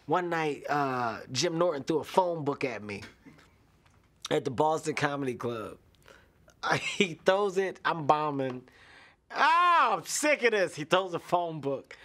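A man comedian in a documentary interview, amused and loudly acting out the quotes. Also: on the high side, expressive, measured pace.

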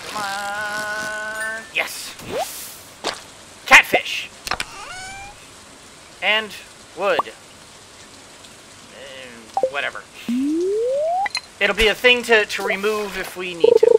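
A let's play host giving gameplay commentary, thinking aloud and cheering the game on with excited exclamations. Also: medium pitch, drawn-out words, pauses often, very noisy.

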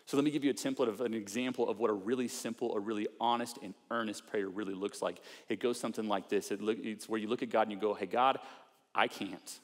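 A man's voice: on the low side, steady tone, fast talker, hardly any pauses, in a large hall. A man preaching a sermon as a pastor, speaking earnestly and conversationally and acting out heartfelt prayers. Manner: earnest, conversational preaching with acted-out prayers and mock self-talk. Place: large church auditorium.

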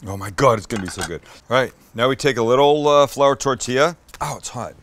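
A man's voice: mid-range voice, fast talker, fairly bright tone. Man, middle-aged, cooking show host, enthusiastic, swears, talks to camera between bites. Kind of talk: casual cooking demo with tasting.

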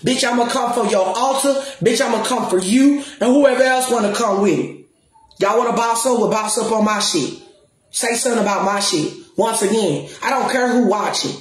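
A spiritual counselor and music promoter confronts the camera in a defiant, profane rant, saying things again and again with emphasis. Her voice is a little high and her speed normal, and the room adds a roomy echo.

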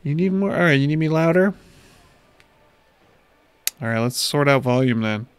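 Playing a space game at home, a man in his thirties talks to his stream chat through a desk mic in a relaxed, chatty way. His smooth voice sits on the high side, with lively intonation and a moderate pace, and there's no echo.

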